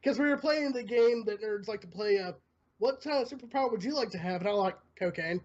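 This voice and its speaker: Talking fast in an extremely high pitch, the host of a casual streamed talk show rants with heavy swearing. His delivery is animated and profane, carried over dull, lo-fi stream audio.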